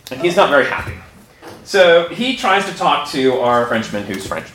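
A man tells a personal story live at a moderate pace, his high voice leaping all over the place as he laughs often and acts out his own quoted reactions. He sounds animated throughout. The room is echoey, with clear background noise underneath.

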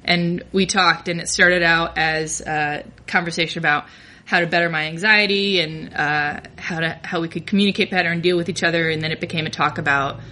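A woman's voice: fairly low pitch, fairly even intonation, fairly quick, sharp tone. A young adult woman telling a candid, self-deprecating personal story, often laughing through her lines.

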